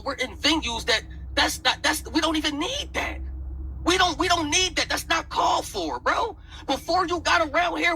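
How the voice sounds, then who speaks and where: A man's voice: extremely high pitch, bright, forceful tone, slight background noise, low-quality recording. A man heatedly retelling an argument, repeating "I said" as he goes. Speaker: battle rap league owner. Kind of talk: heated storytelling in an interview.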